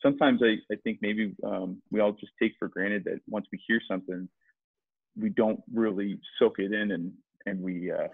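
A man's voice: lowish voice, steady tone, moderate pace, gravelly, breathy edge, no echo. A man, a sales rep, talking casually as a podcast guest, rambling with many restarts. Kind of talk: conversational interview. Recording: tinny phone-like line, dry.

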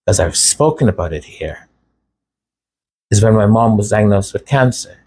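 Husky-voiced man, sarcastic commentary. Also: fairly low pitch, lively intonation, normal speed, long pauses, darkish tone. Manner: impassioned and sarcastic. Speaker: channel host. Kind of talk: raw commentary monologue.

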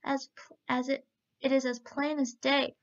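Woman voicing a spoiled young rich man, excitable, loud outbursts, high, gravelly, dull lo-fi sound. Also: a little slow. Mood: excited. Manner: exclaiming, laughing. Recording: dull lo-fi recording.

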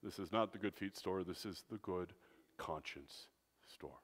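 A man preaching a sermon as pastor, dramatic, swinging between loud, emphatic phrases and hushed, low ones. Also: unhurried, slightly rough. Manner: dramatic preaching with wide swings in loudness and pitch. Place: church sanctuary. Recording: long church reverb.

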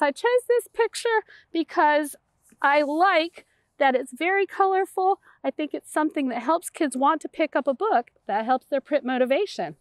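A children's librarian reading a picture book aloud at a toddler storytime, with a sing-song, exaggerated and encouraging delivery. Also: female voice, sits high, dry recording.

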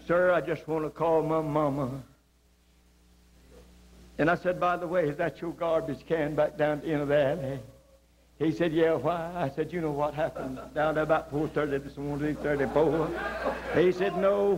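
A male evangelist from South Georgia, telling his testimony in a sermon with impassioned storytelling, his voice swinging high on emphasis. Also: a little hiss or hum. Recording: humming 1980s video recording.

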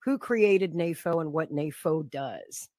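A woman's voice: low-pitched, expressive, slow pace, a little mellow, no room sound, studio quality. A woman hosting an interview who reacts briefly and asks short follow-up questions. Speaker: interview host. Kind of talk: casual interview chat.

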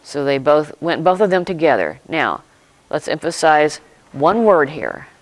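A pastor preaching a sermon, retelling a scripture story in slow, deliberate short phrases with pauses and reflecting aloud. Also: medium pitch, big pitch swings, no room sound, low-quality recording.

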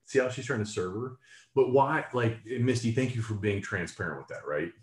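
A man's voice: lowish voice, moderate pace, roomy sound. A man coaching a team on mindset, asking the group rhetorical questions. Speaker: business mentor.

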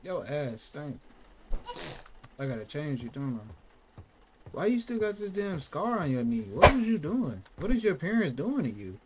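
Animated man reacting to a game. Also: fairly high pitch, a little slow, noisy background. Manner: reactive, swearing, sudden loud outbursts. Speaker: gaming channel host. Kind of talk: casual gaming commentary. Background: loud game music.

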